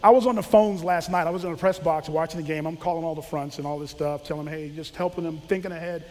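Guy with a high voice telling old football coach stories, lively, acts out the quotes, big echoey hall. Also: fast, slight background noise. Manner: animated, acts out quotes, laughs often. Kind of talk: casual storytelling.

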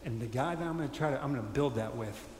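Animated preacher in an echoey hall. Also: male voice, mid-range voice, quick pace, slight background noise. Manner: animated, conversational, acts out quotes. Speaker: pastor. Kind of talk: sermon. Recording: echoey hall with faint ambience.

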